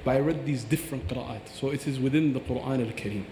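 A man's voice: mid-range voice, fast talker, warm tone, a little hiss or hum. Man teaching in an echoey hall. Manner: explanatory, recites Arabic phrases. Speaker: Quran teacher. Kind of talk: podcast explanation. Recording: echoey hall with long reverb.

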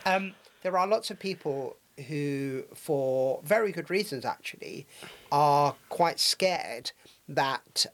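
A man hosting a casual discussion, talking with many ums and restarts. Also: mid-range voice. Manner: hesitant, many fillers and restarts.

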